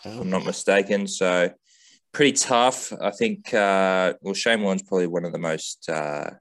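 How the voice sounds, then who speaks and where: A man's voice: low-pitched, a little slow, fairly bright tone. A young Australian man co-hosting a podcast in casual, rambling chat with many fillers. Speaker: podcast co-host.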